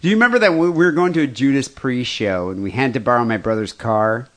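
A man, co-hosting a podcast in casual chat, retelling a grim story with meandering, halting restarts. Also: mid-range voice, a bit bright. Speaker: podcast co-host.

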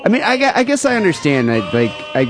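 A man co-hosting a podcast in casual, irreverent chat, animated and often restarting his sentences. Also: high-pitched, quick pace, music in the background. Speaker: podcast co-host. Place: home studio in LA.

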